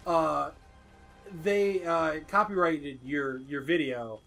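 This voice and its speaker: A man hosting his own let's play in casual chat, expressive and profane. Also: a little high, slow pace, soft background music.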